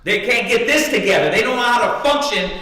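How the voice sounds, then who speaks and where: A man teaches scripture with fiery preaching energy, throwing rhetorical questions at his listeners. His voice sits high and sounds bright and cutting. It rings with long echo in a big hall, picked up from some distance. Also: animated, fairly quick. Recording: echoey hall, mic at a distance.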